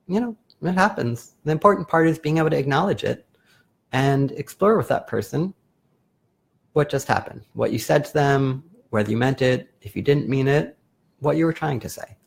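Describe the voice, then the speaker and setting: A man hosting a live video as a therapist, explaining calmly in a casual, self-correcting way. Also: medium pitch, normal speed, creaky, husky. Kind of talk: casual live-stream talk.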